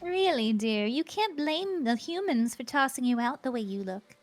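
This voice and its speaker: A woman's voice: high voice, expressive, moderate pace, faint music behind. A woman voicing a prissy, haughty female house cat in a video game, with a prim, condescending manner.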